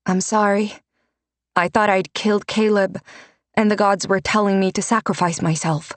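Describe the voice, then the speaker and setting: A woman's voice: mid-range voice, steady tone, normal speed, dry recording, pitched above the performer's own voice, close to an everyday voice. A woman voicing an earnest, determined young heroine.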